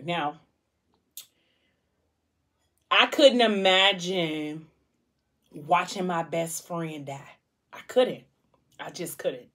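A woman hosting a casual book chat at home, retelling a story with strong emotion and dropping her voice soft at the sad parts. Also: on the low side, takes it slowly. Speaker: vlog host discussing a book.

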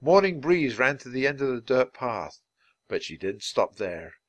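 A man reading a children's chapter book aloud in a clear, measured, lively way. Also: mid-range voice. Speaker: storybook reader.

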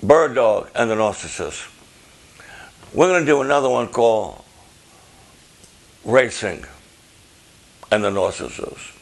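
An older man preaching a sermon as a pastor, passionate and loud, firing off rhetorical questions. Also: medium pitch, big pitch swings, slow pace, gravelly, pauses often.

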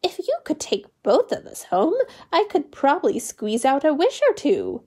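A woman's voice: sits high, very animated, normal speed, a little mellow, pitched above the performer's own voice. A woman voicing a prickly, short-tempered old fairy who scolds sternly in a read-aloud storybook. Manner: stern and tart.

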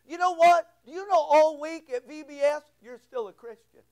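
A pastor delivers a fervent sermon in a strikingly high, strained voice. He hammers his points with rhetorical questions and repetition, stumbling into quick restarts when he gets intense. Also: darkish tone, low-quality recording. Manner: fervent, emphatic preaching with repeated rhetorical questions.

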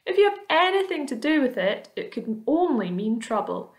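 A woman's voice: sits high, sing-song, normal speed, pitched above the performer's own voice. A pessimistic earthworm from a storybook, voiced by a woman reader. He mutters gloomy complaints, expecting trouble.

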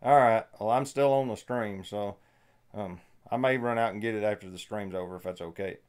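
A man's voice: fairly low pitch, brisk, smooth, no room sound, clean studio sound. A man hosting a casual livestream, from the American South, chatting in an easygoing way and chuckling often. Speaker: livestream host.

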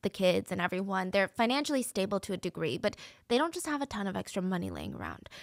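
A woman's voice: medium pitch, sing-song, fast talker, vocal fry, no echo. A woman hosting a true crime podcast, telling the story in a chatty, conversational way. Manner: chatty, conversational, acts out quotes.

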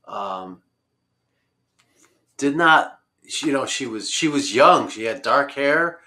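Bright-toned man telling a road story. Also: mid-range voice, lively intonation, slow pace. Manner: rambling, many fillers and restarts. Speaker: road-trip traveler guest. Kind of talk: conversational storytelling.

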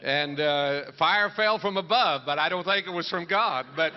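A man's voice: fairly high pitch, normal speed. A man, a pastor, telling a funny story to a crowd in an easygoing way. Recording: lo-fi 1980s broadcast, crowd noise.

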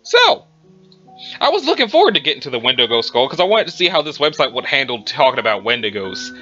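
Animated man reading horror aloud. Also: medium pitch, fast talker. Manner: animated, chatty asides. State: strained throat. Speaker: reader and host. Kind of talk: reading a horror wiki aloud with casual asides. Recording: dull lo-fi with music behind.

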